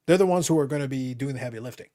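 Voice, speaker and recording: A man from Canada hosting a casual podcast chat, animated and jokey, talking over the others. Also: medium pitch, very fast. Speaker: podcast host.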